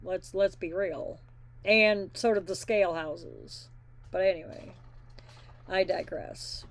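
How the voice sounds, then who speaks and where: A woman's voice: on the low side, slow pace, creaky. A woman hosting a trucking news show, reading stories and breaking off for blunt, opinionated asides in plain folksy talk. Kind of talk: casual news reading with commentary.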